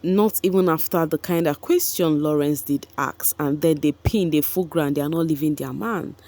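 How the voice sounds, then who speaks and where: A woman's voice: deep voice, normal speed, darkish tone. A woman, gossiping chattily about a reality show for her vlog viewers, with frequent asides to them. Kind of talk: casual commentary vlog.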